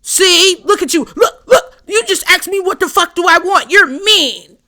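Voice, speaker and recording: A woman's voice: very high-pitched, unhurried, bright, forceful tone, pitched above the performer's own voice, exaggerated voice. A woman voicing a whiny, nagging former friend who begs to be let back in. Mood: whining. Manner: pleading, then whining and accusing.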